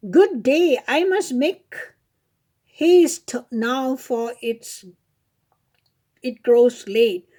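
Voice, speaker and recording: A sweet, kind little girl from a storybook who answers everyone politely and innocently, as a woman reading aloud voices her. The voice is high and mellow, and the speech is slow. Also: expressive, full character voice.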